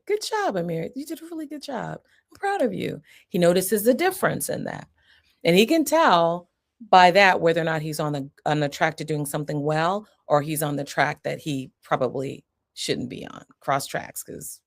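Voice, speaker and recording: Low, gravelly-voiced woman psychiatrist explaining. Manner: conversational, explanatory, checks in with the listener. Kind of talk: educational talk.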